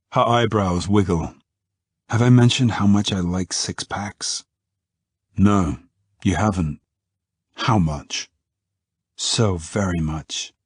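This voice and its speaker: Male narrator, low husky voice, dry close-miked sound, intimate first-person romance read. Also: darkish tone, no echo. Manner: intimate, unhurried storytelling. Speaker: audiobook narrator.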